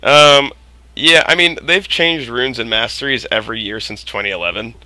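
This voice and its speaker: Chatty gamer guy, bright tone. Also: mid-range voice, normal speed, no echo. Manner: rambling, lots of likes and uhs, drops to a mutter. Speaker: streamer. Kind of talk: casual gaming stream chat.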